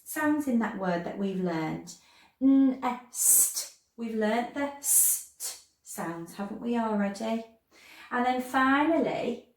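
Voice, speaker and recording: Female primary teacher for a phonics lesson, animated sing-song delivery, slow and drawn-out, roomy echo. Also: fairly high pitch. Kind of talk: phonics lesson for young children. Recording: echoey room.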